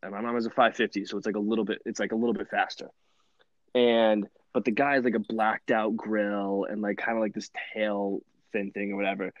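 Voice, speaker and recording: A young man telling stories in a rambling podcast chat, animated and full of fillers and laughs. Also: fairly low pitch, brisk, dry recording, muffled recording. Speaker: podcast host. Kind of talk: casual storytelling chat.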